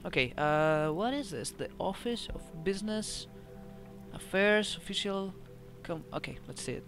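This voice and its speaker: A man's voice: sits high, expressive, moderate pace, over music. A Greek man giving casual, joking commentary over a game and reading letters aloud. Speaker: gameplay commentator. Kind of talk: casual let's-play commentary.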